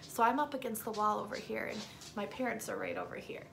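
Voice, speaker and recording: Gravelly-voiced woman telling a story. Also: medium pitch, fast talker. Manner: emphatic, drops into hushed whispers. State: sore throat. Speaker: vlogger. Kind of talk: casual storytelling to camera.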